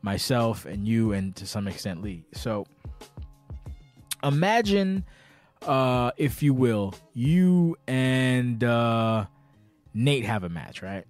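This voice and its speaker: A man's voice: medium pitch, takes it slowly, faint music behind. Tipsy, profane man podcast host. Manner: rambling, profane, animated, stutters and restarts. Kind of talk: casual podcast chat.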